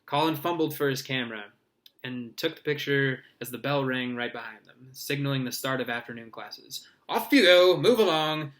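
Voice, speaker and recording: Man, reading a novel aloud, informal, stumbles and restarts, chatty asides, mid pitch. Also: steady tone, normal speed, a bit bright. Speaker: reader.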